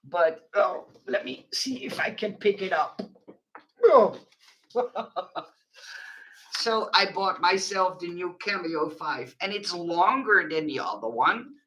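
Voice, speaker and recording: A woman's voice: on the low side, slow, pauses often, a bit bright, rough recording. A woman craft vlogger chatting frankly to her viewers in English, laughing often. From Netherlands. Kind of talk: casual chat to viewers.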